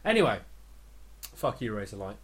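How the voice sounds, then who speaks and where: A man's voice: fairly low pitch, very animated, normal speed, husky. A man co-hosting a podcast in casual comic chat, joking and talking in a hesitant, stop-start way. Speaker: podcast co-host.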